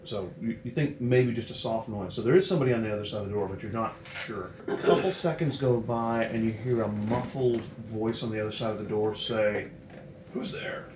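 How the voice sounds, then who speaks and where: A man running a tabletop game as game master, describing scenes in a relaxed, rambling way. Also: lowish voice, brisk, few pauses. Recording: roomy echo, faint noise.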